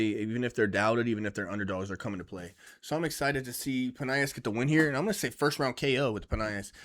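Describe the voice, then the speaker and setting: A man giving casual, profane and excitable vlog commentary on fight picks, rambling as he goes. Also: medium pitch. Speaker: MMA fight picks YouTuber.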